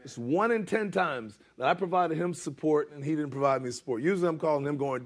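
Male pastor, middle-aged, high voice, husky edge, chatty sermon with frequent asides to the congregation. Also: fast talker, hardly any pauses. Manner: conversational, uses "amen?" and "bro" asides.

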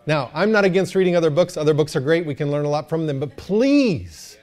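A man preaching a sermon to his church, animated and joking, often asking the crowd for an amen. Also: a little high, brisk. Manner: animated, joking, calls for amens. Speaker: pastor.

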